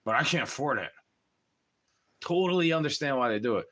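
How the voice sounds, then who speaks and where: A man's voice: medium pitch, expressive, a little fast, pushed and bright. A young man ranting on a livestream, profane and agitated, talking straight at the listener.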